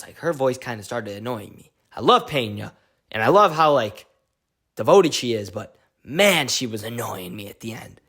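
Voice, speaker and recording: A male vlogger giving an excitable, slangy recap of a fight week, full of "like"s. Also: mid-range voice, normal speed. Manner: excitable, slangy storytelling with many "like"s. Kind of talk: casual event recap vlog.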